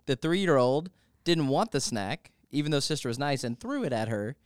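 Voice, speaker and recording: Male podcast host, smooth resonant voice, playful and self-deprecating, dry studio sound. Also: mid-range voice, expressive, moderate pace, no room sound. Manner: joking, self-deprecating, asks questions. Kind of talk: podcast conversation.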